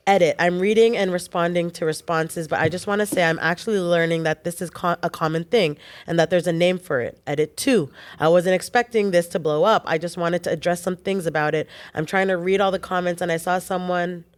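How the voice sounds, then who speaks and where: A woman co-hosting a chat show, reading a listener's post aloud with quick casual asides. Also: lowish voice, fairly even intonation.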